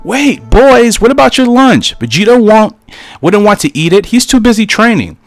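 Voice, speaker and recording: A man's voice: fairly high pitch, wildly swooping pitch, normal speed, dry recording, soft background music, voice pushed up. A man doing a chatty, hospitable mom. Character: cheerful hospitable mother and scientist.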